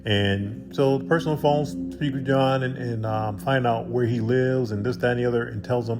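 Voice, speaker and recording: A man's voice: medium pitch, fairly even intonation, moderate pace, hardly any pauses, music in the background. A man telling a spiritual parable in a loose, conversational way, with asides to his listeners. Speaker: storyteller. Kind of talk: casual spoken parable.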